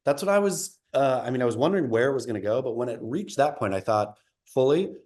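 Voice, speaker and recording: A man co-hosting a casual podcast chat, speculating out loud in an animated, emphatic way. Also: medium pitch, fast talker. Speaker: podcast co-host.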